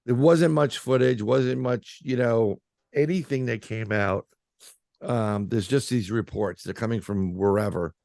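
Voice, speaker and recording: A man's voice: mid-range voice, unhurried, gravelly, darkish tone, dry recording, studio quality. A man being interviewed as a paranormal researcher, telling a story in a casual, rambling way with lots of fillers and restarts.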